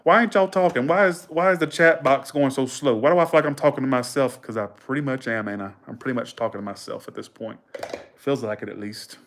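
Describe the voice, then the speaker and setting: A man's voice: medium pitch, quick pace, a bit bright. Rambling man chatting on a livestream. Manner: rambling, slangy, laughs often. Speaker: livestream host. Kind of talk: casual livestream chat.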